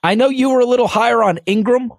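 A man co-hosting a sports podcast in casual chat, animated and quick to slip into put-on voices. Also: very high-pitched, creaky, no room sound, clean studio sound. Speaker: podcast co-host.

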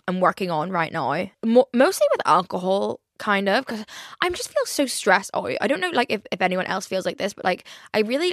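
A woman's voice: mid-range voice, a bit bright, no room sound, studio quality. A young woman chatting on her own podcast, rambling with lots of "like" fillers and frequent swearing. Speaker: podcast host. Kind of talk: casual solo podcast chat.

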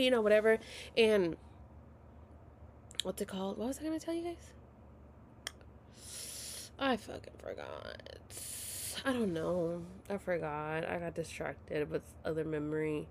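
A woman's voice: lowish voice, a little slow, gravelly, long pauses, slight background noise. A woman in her thirties telling a story to her viewers at home in a casual, dramatic and profane way, often dropping to a whisper. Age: 30s.

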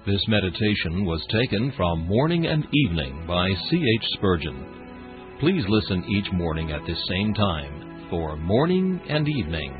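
A man reading a morning devotional in a solemn, measured way. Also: low voice, big pitch swings, over music. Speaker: devotional reader. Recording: tinny phone-like dry sound.

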